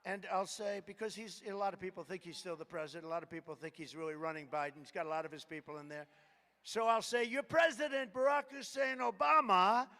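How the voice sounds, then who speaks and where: A man's voice: fairly high pitch, fast, fairly bright tone. Older man at an echoey rally. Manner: rambling, repetitive, sarcastic asides. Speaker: political speaker at a rally. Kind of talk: campaign rally speech. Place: large hangar rally venue. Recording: echoey hall from a distance.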